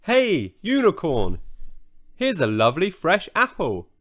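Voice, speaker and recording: A plucky, headstrong little girl from a storybook, as a male narrator puts her on. The voice is pitched well up, with lively, bouncing intonation and an earnest, insistent push, delivered at a slow, clear pace. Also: exaggerated voice. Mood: determined. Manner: earnest, urgent, determined. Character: brave, stubborn little girl. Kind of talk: children's storybook reading.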